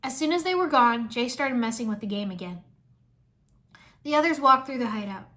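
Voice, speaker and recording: A woman reads a fan fiction story aloud with lively storytelling. Her voice is bright and sits a little high. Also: normal speed.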